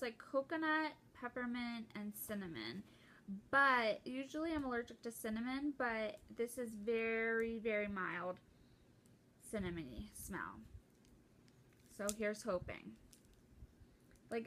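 A young woman chatting casually and excitedly while opening a gift at home, rambling with lots of fillers and restarts. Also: a little high, slight background noise. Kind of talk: casual unboxing chat.

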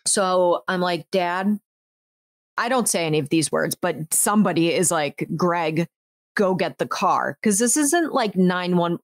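Woman in her 30s chatting on a podcast, lowish voice, dry close sound, lots of "like". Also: a little slow, no room sound. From United States. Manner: animated, acts out quotes, frequent "like" fillers. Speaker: podcast host. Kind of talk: casual storytelling chat.

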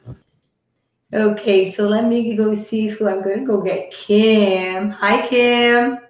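A woman hosting a live stream, chatting casually with callers in a slightly hoarse voice, laughing often and calling people sweetie. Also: mid-range voice, fairly even intonation, slow, roomy sound. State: slightly hoarse from a croupy cold.

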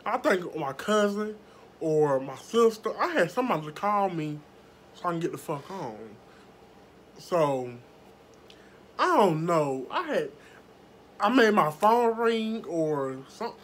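A woman vlogger telling a story to her viewers in a casual, animated way, swearing freely. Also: lowish voice, unhurried, long pauses, a little hiss or hum. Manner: animated, profane, talks straight to viewers.

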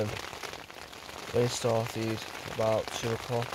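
A man talks casually to his camera on a blustery coastline. His voice stays level and flat, with few rises or falls. He rambles along, padding his sentences with fillers. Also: mid-range voice, a little slow, heavy background noise. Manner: chatty, rambling, with many fillers. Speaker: outdoor vlogger. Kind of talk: casual vlog chat. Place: outdoors on a windy coast.

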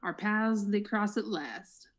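A woman plays a smug, mocking tech billionaire who brags nonstop. She puts on a South African accent over a mid-pitched voice, in an online improv show. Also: slow pace. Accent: put-on South African. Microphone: computer mic on a video call.

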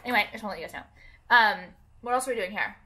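Fast, bright-voiced young woman rambling. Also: mid-range voice, animated, slight background noise. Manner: rambling, filler-heavy, swears casually. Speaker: vlogger. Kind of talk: casual chat to camera.

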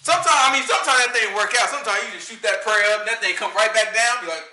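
A man teaching scripture in an informal, conversational sermon, slangy and animated, often checking in with "right?". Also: very high voice, racing, few pauses, reverberant. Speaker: teacher leading a scripture study.

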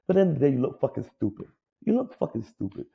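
Rapid-fire and medium-pitched, this man's voice carries vocal fry and a breathy edge, heard through narrow, tinny audio. He once played pro ball and co-hosts a sports podcast, offering casual opinions laced with swearing. Players get mocked in whiny put-on voices as he stays animated and profane.

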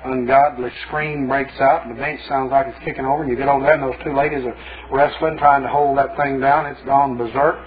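A man's voice: medium pitch, fairly even intonation, fairly quick, crowd noise. A male pastor preaching a sermon in a folksy, colloquial storytelling manner. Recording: lo-fi phone-like sermon tape.

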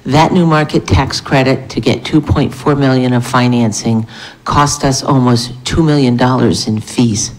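A woman's voice: extremely low pitch, fairly even intonation, a little slow, darkish tone, poor audio. A woman speaking as a member of the public at a city committee meeting, making a pointed, critical argument backed by numbers. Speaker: member of the public giving comment. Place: city council meeting room.

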